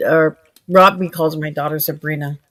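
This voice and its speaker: A woman's voice: low voice, fairly even intonation, moderate pace, fairly bright tone. A woman, a mother, chatting plainly and matter-of-factly as a livestream guest. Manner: plain-spoken, matter-of-fact. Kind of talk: casual livestream chat.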